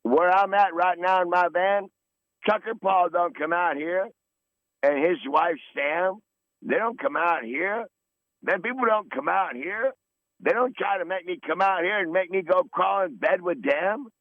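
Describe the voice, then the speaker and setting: A man's voice: high-pitched, a little slow, dry recording. Brief: man, 60s, podcast regular caller; profane, boastful rambler; tinny phone audio. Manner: combative, swearing, boastful. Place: in his van.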